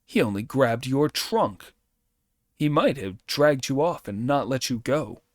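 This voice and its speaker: Male reader doing a steady storybook demon chief. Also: medium pitch, measured pace, no echo, studio quality, lightly acted. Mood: persuasive.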